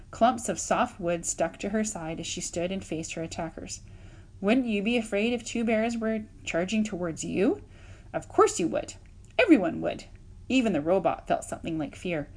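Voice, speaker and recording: Woman reading a children's storybook aloud. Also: fairly low pitch. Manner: expressive, lively narration with voiced sound effects. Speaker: audiobook reader.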